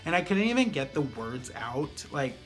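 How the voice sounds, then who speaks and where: A man's voice: a little high, sing-song, normal speed, soft background music. A man vlogger telling a personal story in a casual, chatty way, full of fillers like "like" and "pretty much".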